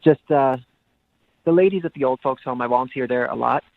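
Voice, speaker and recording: A man's voice: medium pitch, brisk, vocal fry, no echo. Hesitant young man on a dull phone line. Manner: hesitant, full of ums. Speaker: caller on the phone.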